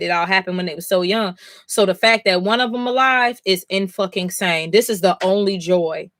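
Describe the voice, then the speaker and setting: Woman streamer, mid pitch, dry close mic, blunt and emphatic, swears freely. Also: a bit bright, dry recording. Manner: emphatic, swears often, talks to chat. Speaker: streamer reading comics live. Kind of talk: live comic reading reaction.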